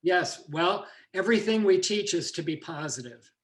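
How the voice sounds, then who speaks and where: A male teacher with a fairly high voice gives an informal lecture, wandering between points and restarting his sentences. His voice rings in an echoey room. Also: expressive, moderate pace. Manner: loose, digressive, with many restarts. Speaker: ki and meditation teacher.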